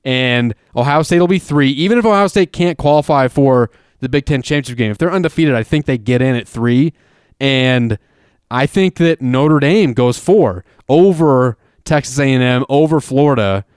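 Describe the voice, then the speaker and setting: A man's voice: mid-range voice, normal speed, a little mellow, smooth, no room sound, clean studio sound. Chatty man talking sports. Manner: rambling, emphatic, many restarts. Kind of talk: casual sports chat.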